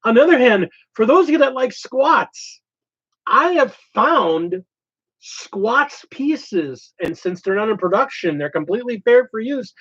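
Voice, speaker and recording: A man's voice: extremely high pitch, sing-song, a little slow, fairly bright tone, breathy edge. A man hosting a casual hobby channel chat, thinking aloud as he explains his plans. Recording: slightly dull lo-fi audio.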